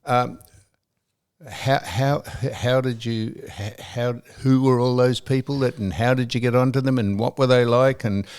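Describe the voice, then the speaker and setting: An older Australian man hosting a podcast interview, asking questions in a halting, hesitant way. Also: mid-range voice, fairly even intonation, darkish tone, clear, resonant tone. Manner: hesitant, halting, many fillers and restarts. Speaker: podcast host. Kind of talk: casual interview.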